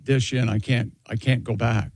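A man's voice: mid-range voice, flat delivery, moderate pace, a little mellow, no room sound. A man co-hosting a radio talk show, telling anecdotes with wry sarcasm and frequent chuckles. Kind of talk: casual on-air banter.

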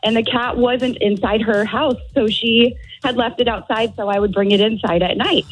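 A woman's voice: fairly high pitch, fairly even intonation, moderate pace, slightly rough, low-quality recording. A woman calling into a radio show, telling a story in a plain, matter-of-fact way. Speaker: caller. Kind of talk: phone-in anecdote.

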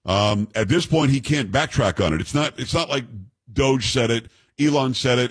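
A man hosting a talk radio show, delivering a rapid, blunt, opinionated monologue into a studio microphone. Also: medium pitch, slightly rough.

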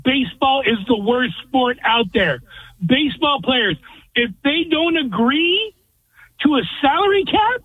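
A man's voice: extremely high pitch, lively intonation, unhurried, slightly rough, dry recording. A man calling in to a sports radio show, blunt and opinionated. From California. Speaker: caller. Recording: tinny phone line.

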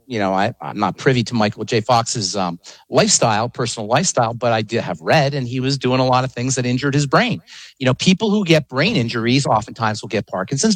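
A man's voice: medium pitch, husky, no room sound, low-quality recording. A man speaking as a pharmacist guest in a radio interview, explaining with emphatic passion.

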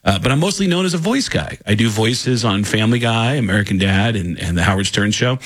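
A man's voice: on the low side, a little fast. A man in his fifties from the Bronx, a comedian guest telling stories on a radio studio interview. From the Bronx, New York. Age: 50s. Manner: storytelling, animated, breaks into impressions. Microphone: studio microphone.

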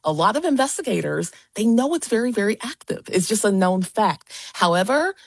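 A woman who is a paranormal investigator, answering radio questions in an animated, chatty way. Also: mid-range voice, brisk, dry recording.

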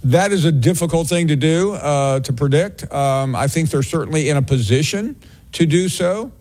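A man hosting a sports call-in radio show, answering callers in a measured way with many fillers. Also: fairly high pitch, lively intonation, darkish tone. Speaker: host.

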